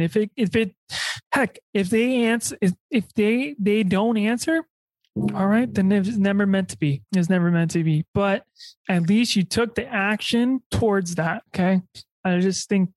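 A young woman hosting a podcast in a casual chat, rambling and halting with many fillers and restarts. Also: medium pitch, a little mellow, no room sound. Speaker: podcast host.

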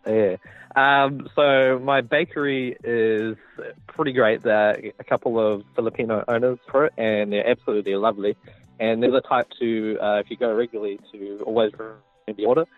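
Brief: male caller, easygoing and rambling, lowish voice, thin dry phone-line sound. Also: fairly even intonation, a little fast, no echo, faint music behind. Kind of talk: casual chat.

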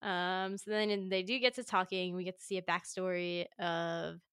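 A woman co-hosts a casual chat, talking in a lively way and breaking into laughter often. She acts out characters' lines as she goes. Her voice is recorded close and dry, with no room sound. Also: fairly low pitch, normal speed, clean tone, dry recording. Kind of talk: casual chat about an anime.

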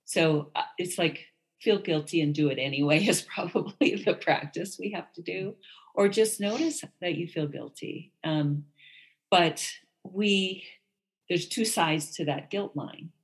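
Woman co-host, low-pitched voice, candid and chatty, acts out quoted lines. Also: measured pace. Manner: candid, animated storytelling with lively quoted voices. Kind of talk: casual chat.

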